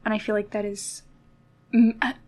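A woman's voice: mid-range voice, little pitch movement, normal speed, darkish tone. A woman co-hosting a podcast in casual chat, giving critical opinions and laughing often. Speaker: podcast co-host.

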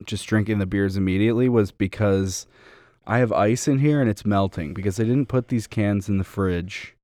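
A young man co-hosting a podcast, rambling loosely and playfully. His voice sits low and is recorded close and dry. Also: normal speed, a little mellow, no room sound. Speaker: podcast co-host. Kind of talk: casual chat.

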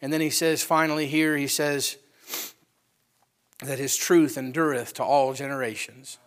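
A male preacher telling a story in a sermon at church, building to fervent, near-shouted passages. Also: medium pitch, fairly even intonation, normal speed.

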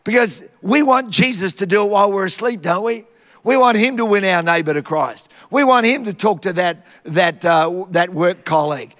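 A high-pitched Australian man from Queensland preaches a sermon. He tells Bible stories in a lively, humorous way and acts out the scenes. His voice carries a long reverb from a large hall. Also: normal speed. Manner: lively storytelling, acting out Bible scenes with humour.

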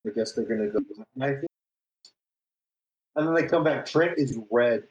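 A young man co-hosting a podcast tells a story with plenty of swearing and laughter. His voice sits at an ordinary middle pitch. The room gives it a noticeable echo. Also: normal speed, a little mellow, dull audio. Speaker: podcast co-host. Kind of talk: casual storytelling chat.

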